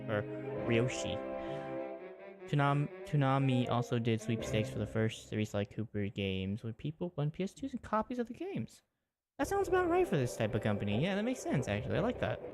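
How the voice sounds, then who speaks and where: A man giving rambling, chatty commentary while streaming a game. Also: mid-range voice. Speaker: gaming streamer. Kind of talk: casual gameplay commentary. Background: game music.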